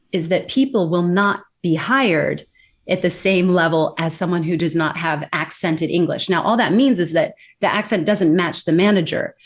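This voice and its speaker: An American woman explaining workplace communication in an emphatic, animated interview style. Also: lowish voice. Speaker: accent and communication expert guest. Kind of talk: interview answers.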